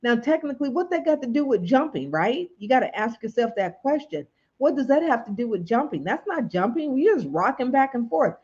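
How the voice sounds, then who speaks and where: Woman w doing a late night stream, preachy, lots of questions, pitch all over, kinda muffled audio. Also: sing-song, brisk, few pauses, darkish tone, breathy edge. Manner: preachy, asks the audience questions, greets viewers. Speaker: livestream host. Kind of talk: late-night motivational livestream chat.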